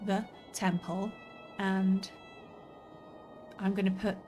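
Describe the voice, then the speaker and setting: A woman's voice: mid-range voice, measured pace, long pauses, a little mellow. Chatty woman streamer thinking aloud. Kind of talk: let's play commentary. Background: faint game music.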